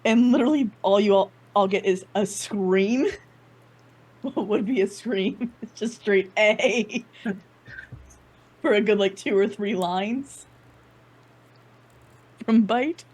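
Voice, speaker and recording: A woman's voice: mid-range voice, slow pace, pauses often, darkish tone. A woman with a mid-range voice, chatting as a player in a tabletop roleplaying game. She laughs through her retellings and strings her thoughts together with casual fillers. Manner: laughing, filler-heavy storytelling. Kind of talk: casual chat.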